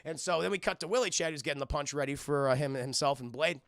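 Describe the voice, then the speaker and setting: Gravelly, bright-voiced streamer man. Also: a little high, no room sound, studio quality. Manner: rambling, swears, keeps addressing chat; acts out characters' lines in quick voices. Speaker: cartoon reviewer streaming to chat. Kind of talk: casual live-stream episode recap.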